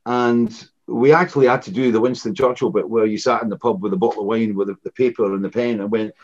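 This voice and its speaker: A man's voice: mid-range voice, fast. A Scottish man in his sixties talks in a loose, rambling way, circling back with "you know" as he tells road stories. His voice sits in an ordinary middle register. The recording is dull and lo-fi. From Scotland. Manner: rambling, many restarts and "you know"s, animated anecdotes. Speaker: guest, former rock frontman. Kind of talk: casual storytelling interview.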